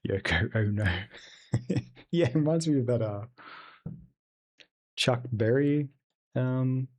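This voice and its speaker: Speaking slowly in a warm, medium-pitched voice, this young man rambles through relaxed, profanity-heavy chatter as he streams a game live.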